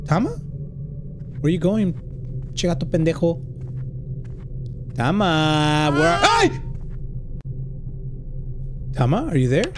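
Animated gamer man swearing out loud. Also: a little high, slow, pauses often, background noise. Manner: swears a lot, thinks out loud; mixes in Spanish slang. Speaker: gaming YouTuber. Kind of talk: reacting to a horror game playthrough.

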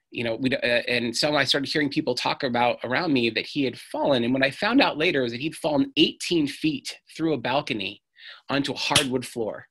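A man's voice: medium pitch, fairly bright tone. A middle-aged man giving an earnest storytelling talk on stage, acting out the voices he quotes. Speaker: speaker.

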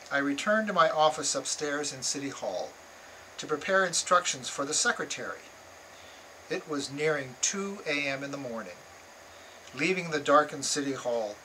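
An older man reading aloud from his own memoir in a measured, earnest way. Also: fairly high pitch, sharp tone, a little hiss or hum, rough recording.

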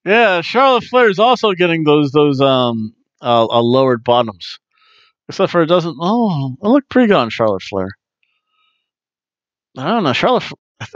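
A man's voice: fairly high pitch, no echo, muffled recording. A man hosting a wrestling review podcast, rambling casually through a recap and breaking into goofy chants and sing-song asides.

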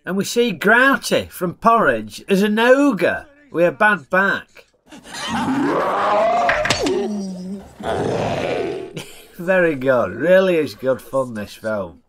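A man's voice: fairly high pitch, sing-song, unhurried, hardly any pauses, heavy background noise. A man reviewing a film in a chatty, jokey way, using broad dialect. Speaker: film reviewer, channel host.

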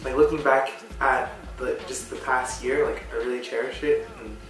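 A man's voice: mid-range voice, steady tone, moderate pace, a bit bright. A young man giving a rambling, hesitant birthday message to a friend, often trailing off. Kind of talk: casual birthday video message. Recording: very echoey room, far from the mic, music playing.

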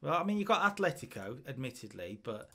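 A man in his twenties chatting casually while playing a football management game, reading out in-game stats in a relaxed way. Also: medium pitch, a little fast. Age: 20s. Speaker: co-host of a video game series. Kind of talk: casual gaming chat.

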